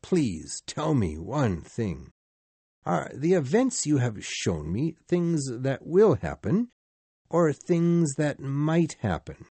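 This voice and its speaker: A man's voice: medium pitch, very animated, measured pace, a little mellow, breathy edge, no room sound, heavily acted. A man reading a storybook and voicing a frightened old miser who begs and cries out. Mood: pleading. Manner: pleading, rising to anguished cries.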